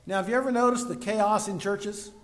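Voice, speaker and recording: A man delivering a sermon, asking the congregation rhetorical questions and breaking into sudden loud emphasis. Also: sits high, fairly quick. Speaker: preacher.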